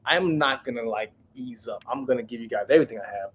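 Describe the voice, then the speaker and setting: A medium-pitched, fast-talking man with slight background noise behind him is a chef guest on a podcast, in his thirties. He tells his story casually and animatedly, acting out whoever he quotes.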